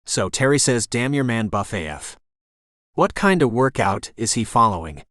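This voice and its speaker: A man voicing an upbeat young male online host who talks in a bright, chatty, sing-song way. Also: medium pitch, sing-song, normal speed, no room sound, clean studio sound.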